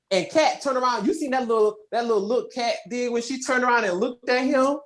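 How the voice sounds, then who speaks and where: A young adult woman co-hosting a podcast, casually retelling a movie plot in slangy, animated storytelling. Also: fairly high pitch, brisk, hardly any pauses. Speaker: podcast co-host. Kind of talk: casual movie recap chat.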